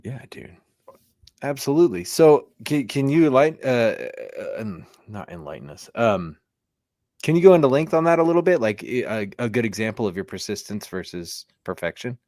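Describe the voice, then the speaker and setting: A man's voice: mid-range voice, expressive, moderate pace, a little mellow, no room sound, studio quality. A man hosting a casual interview, enthusiastic and laid-back, often saying dude and man. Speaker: podcast host.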